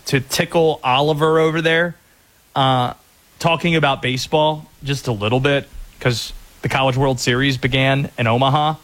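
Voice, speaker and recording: Upbeat sports radio host. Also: male voice, mid-range voice, fairly bright tone. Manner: upbeat, joking, laughs easily. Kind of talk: radio talk show.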